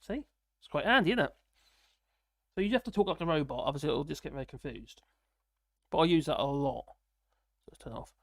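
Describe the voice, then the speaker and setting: A man's voice: fairly high pitch, lively intonation, a little fast, gravelly, long pauses, dry recording, studio quality. A man chatting casually on a live stream, rambling with lots of fillers and restarts, tired and slurring a little. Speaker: political commentary streamer.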